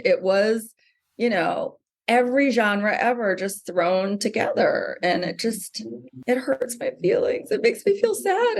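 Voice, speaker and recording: A middle-aged woman, a novelist being interviewed, talking animatedly with many fillers and restarts. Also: fairly high pitch. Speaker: novelist guest. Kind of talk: conversational interview.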